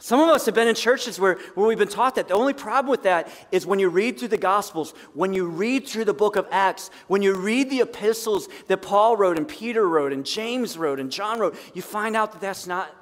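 Middle-aged pastor guy preaching, pretty high voice, booming one sec and quiet the next, big echoey church hall. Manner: animated preaching, swinging from loud emphasis to hushed asides. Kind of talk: sermon. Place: church sanctuary. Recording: long reverb of a church hall.

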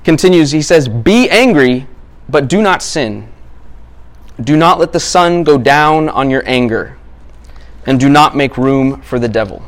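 A man's voice: mid-range voice, expressive, a little slow. Male preacher, easygoing sermon delivery with casual asides and small restarts. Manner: conversational, self-deprecating, with asides and restarts.

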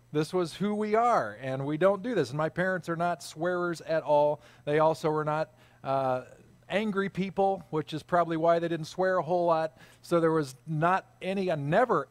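A middle-aged man preaching a sermon in a conversational, self-deprecating way, telling a personal story and pausing often on fillers. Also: on the high side, no echo. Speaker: pastor.

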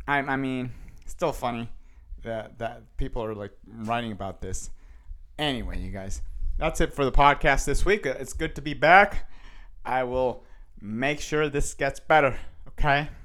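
A man's voice: medium pitch, fairly bright tone, clean tone. A man hosting a casual solo podcast, rambling and correcting himself as he reads headlines aloud and riffs on them. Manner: rambling, self-correcting, chuckles between thoughts. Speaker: podcast host.

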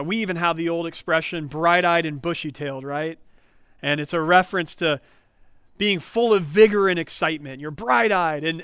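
Earnest high-voiced male preacher. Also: fairly bright tone, clear, resonant tone, dry recording. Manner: earnest preaching, rising to emphatic questions. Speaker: pastor. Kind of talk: sermon.

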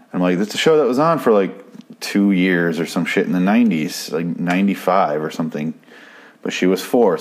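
A man with a notably low voice talks through a TV episode in a loose, rambling way. He swears often, circles back and restarts his sentences, and sounds like an unscripted podcast host. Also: a little mellow. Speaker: TV episode recapper. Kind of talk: casual podcast recap.

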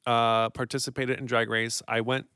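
A man's voice: mid-range voice, level tone, moderate pace, bright, forceful tone, clean tone, dry recording, studio quality. A man co-hosting a casual chat show, playful and a bit scattered, laughing often. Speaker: co-host.

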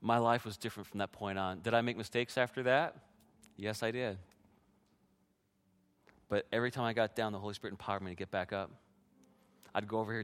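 Male pastor, lowish voice, earnest sermon testimony, talks right to the congregation. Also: fairly even intonation, fairly quick, pauses often, clear, resonant tone. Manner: earnest, addresses the congregation directly.

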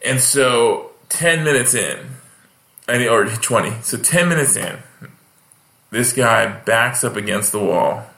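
A man's voice: medium pitch, measured pace, vocal fry. A man from Hawaii, a guest comedian, chatting casually on a podcast and acting out the people in his stories. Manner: animated storyteller, acts out voices. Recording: echoey room.

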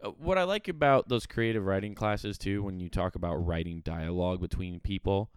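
A man's voice: low-pitched, fairly quick, smooth. A young man hosting a casual podcast chat, ranting profanely with lots of filler words. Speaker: podcast host. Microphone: studio mic.

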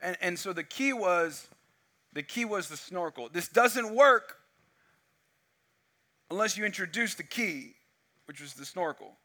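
The pastor's high-pitched voice moves unhurriedly, with long pauses, as he preaches into a wireless mic. He tells a story with animation, performing lots of the dialogue.

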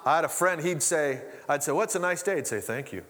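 Man, middle-aged, sermon, conversational, higher voice, echoing hall. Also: fast talker, a bit bright. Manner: conversational, with restarts and asides. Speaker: pastor. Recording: long hall reverb.

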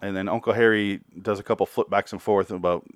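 A man's voice: lowish voice, steady tone, fairly quick, no echo, studio quality. A man hosting a podcast, giving a rambling, sarcastic and profane review of a cartoon episode in casual chat.

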